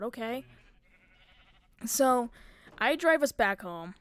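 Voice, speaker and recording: A young woman on a livestream, spinning a story in a chatty, animated way and swearing freely. Her voice sits a touch high and sounds dry and close, with no room around it. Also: normal speed, no room sound. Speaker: streamer.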